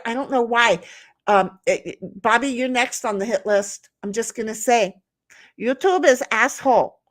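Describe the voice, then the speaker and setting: A woman with a Southern US accent hosts a livestream and reads her chat aloud. Her voice sits a little high, and she rambles bluntly, swears casually and abandons sentences halfway through. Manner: chatty, blunt, swears freely, trails off mid-sentence. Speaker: livestream host reading chat.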